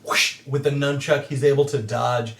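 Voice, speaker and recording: A man narrating a tabletop game as game master, animated and playful. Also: medium pitch, a little slow, echoey room. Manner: animated, acts out enemy cries.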